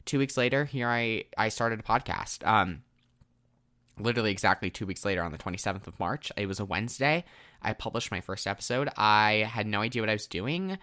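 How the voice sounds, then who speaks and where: A man's voice: fairly low pitch, expressive, fairly quick, sharp tone. A teenage boy hosting his own podcast, talking in an emotional, effusive, chatty way. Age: teens. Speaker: podcast host. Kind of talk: casual solo podcast monologue.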